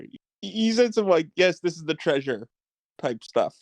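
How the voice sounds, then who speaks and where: A man's voice: fairly high pitch, big pitch swings, normal speed, dry recording. A man speaking as a player in a tabletop game, blunt and given to swearing. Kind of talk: casual tabletop game chat.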